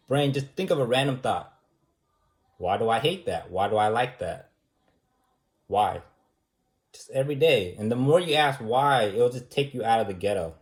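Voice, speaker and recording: A man with a medium-pitched voice teaches a debate class in a talky, informal style. He fires off rhetorical questions again and again and leans on casual fillers.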